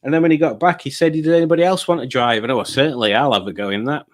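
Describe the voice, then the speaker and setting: A man's voice: medium pitch, racing. A middle-aged man hosting a casual livestream, rambling as he reads out viewer comments. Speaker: livestream host.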